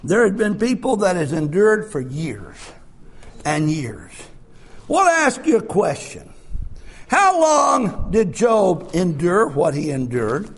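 A man preaching a sermon, shouting his points with drawn-out "uh" fillers, then dropping to soft, low asides. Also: sing-song, husky.

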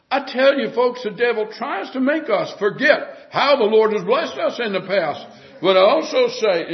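A male preacher delivering an emphatic sermon, often dropping to hushed tones. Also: very high voice. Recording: dull lo-fi sermon recording.

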